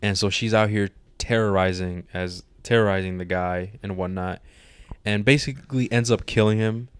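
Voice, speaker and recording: A man's voice: on the low side, fairly even intonation, normal speed, smooth, no room sound. A young man co-hosting a podcast, casually retelling a horror episode with slangy quoted lines. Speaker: podcast co-host. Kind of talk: casual spoiler review chat.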